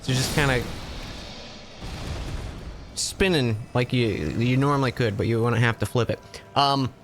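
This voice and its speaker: A man's voice: mid-range voice, fairly even intonation, unhurried, fairly bright tone, a little hiss or hum. A male streamer casually telling a long joke on a live stream, rambling and interrupting himself with restarts. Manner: rambling, self-interrupting storyteller.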